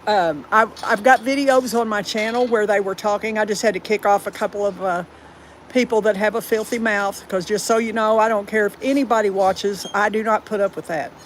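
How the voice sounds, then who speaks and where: A woman's voice: medium pitch, steady tone, brisk, poor audio. Southern lady chatting on her live, rambly, no-nonsense with trolls, bit of noise behind. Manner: chatty and rambling, firm about rude viewers. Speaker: livestream host. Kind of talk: casual live chat.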